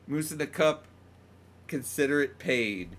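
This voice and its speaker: Bright-voiced, profane, teasing man. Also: on the high side, expressive, a little slow. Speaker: podcast host. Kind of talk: casual banter.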